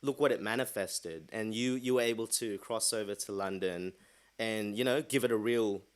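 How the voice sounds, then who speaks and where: A man's voice: fairly low pitch, normal speed. A man hosting a podcast, chatting casually and enthusiastically, often restarting his sentences. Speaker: podcast host. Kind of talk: casual interview chat.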